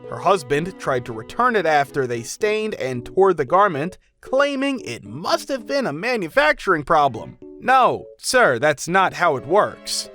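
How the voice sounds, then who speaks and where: A man reading out customer stories in an even storytelling manner. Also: on the high side. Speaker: narrator. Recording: faint music behind.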